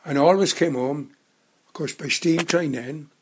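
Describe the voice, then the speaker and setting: A man in his nineties reminiscing in casual conversation, a halting storyteller who rambles and restarts his sentences. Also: on the high side, a little mellow, slight background noise. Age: 90s. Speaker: interviewee.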